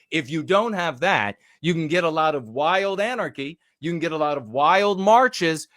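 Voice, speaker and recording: Male commentator, higher-pitched, scornful ranting delivery, dry close sound. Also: fairly bright tone, no room sound. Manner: angry, mocking, with many fillers and restarts. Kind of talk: ranting commentary on a news clip.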